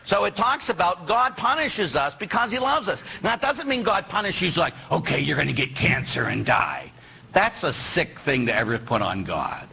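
A middle-aged male priest giving a lively sermon, teasing and quizzing his congregation. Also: high-pitched, normal speed, few pauses, husky, low-quality recording. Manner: animated, teasing, asks the audience questions.

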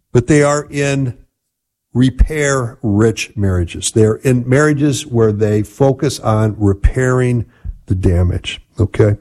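A man's voice: mid-range voice, darkish tone. A man hosting a radio marriage advice show, teaching earnestly and repeating key phrases. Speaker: radio host and marriage therapist.

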